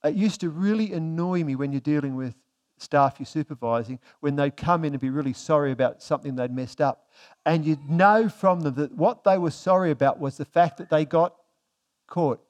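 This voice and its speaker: A man delivering a sermon in an easy, conversational way. His voice sits a little higher than most men's. When he reads scripture he slows down and goes quiet. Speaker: preacher.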